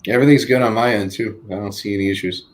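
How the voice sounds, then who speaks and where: A man from Boston with a fairly low voice and a clear Boston accent joins a livestream as a guest. He talks in an easygoing way, laughing often and pausing on fillers. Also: fairly even intonation. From Boston, United States. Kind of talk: casual livestream chat.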